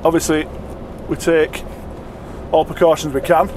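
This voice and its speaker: A man's voice: fairly high pitch, flat delivery, unhurried. A man, chatting in a rambling, self-mocking way while driving his truck. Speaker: truck driver vlogger. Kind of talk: casual vlog chat while driving. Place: truck cab on the road. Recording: road noise in the cab.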